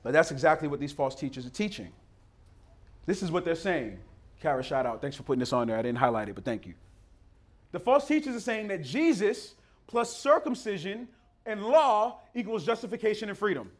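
A man preaching with a high voice that swings widely in pitch. He talks to his congregation in a conversational, emphatic way and calls them beloved. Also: very animated, fairly quick. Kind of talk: sermon.

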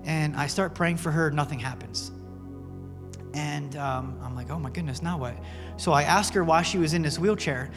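A male pastor with a fairly high voice preaches at normal speed in a church sanctuary, telling stories casually and earnestly with fillers like "man." The recording has long reverb and faint music.

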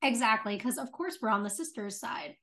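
A woman's voice: a little high, lively intonation, brisk, a bit bright. A young woman co-hosting a podcast, chatting casually and giving her opinions with enthusiasm. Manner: enthusiastic, opinionated, leans on 'like'. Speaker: podcast co-host. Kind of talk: casual chat.

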